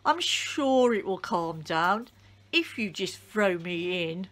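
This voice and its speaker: A woman's voice: fairly low pitch, animated, takes it slowly, fairly bright tone. A woman voicing a miserable, remorseful runaway prophet in a storybook reading, in a resigned tone close to her own voice. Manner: gloomy, resigned.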